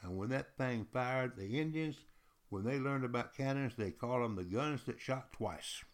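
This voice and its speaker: Lively folksy male storyteller. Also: mid-range voice, normal speed. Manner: lively and folksy, addresses the listener directly. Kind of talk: oral storytelling.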